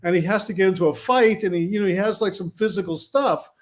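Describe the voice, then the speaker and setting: A man from Brooklyn, a film director, telling animated anecdotes as a podcast guest. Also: high voice, fast. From Brooklyn, New York. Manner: animated anecdotes, quotes himself and others. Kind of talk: casual storytelling.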